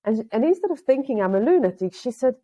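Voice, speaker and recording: A woman who is not a native English speaker, chatting as a guest and telling stories with animated quotes. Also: fairly high pitch, fast talker, muffled recording. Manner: lively storyteller, acts out quotes. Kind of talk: casual conversation on a video call.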